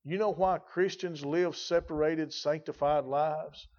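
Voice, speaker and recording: A man's voice: on the high side, steady tone, unhurried, a little mellow. Folksy man preaching a sermon, muffled. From rural. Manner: folksy, emphatic preaching with rising and falling intensity.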